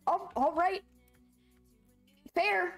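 Speaking very slowly in an extremely high pitch, this young woman streams a game live over faint background music. She chats playfully, laughs often, and lets out squeals when viewers troll her during her gameplay commentary.

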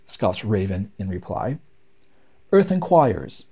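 A man reads nature poems aloud with rhythmic, expressive delivery. His mellow, dark tone rises and falls in lively swings. The pace follows the beat of the verse. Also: lowish voice, unhurried, breathy edge. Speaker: reader. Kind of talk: poetry read aloud.

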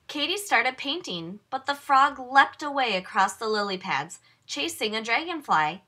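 A woman reads a children's picture book aloud in a slow, unhurried way. Her voice is bright and a little high, and it rises and falls a lot as she tells the story. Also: big pitch swings. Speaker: storybook reader. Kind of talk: children's read-aloud narration.

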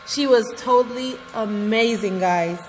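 Her voice a bit high and a little slow, a female vlogger gushes effusively in music reaction commentary and keeps calling her viewers "guys." The room echoes, with faint music from the reacted video audible in the background.

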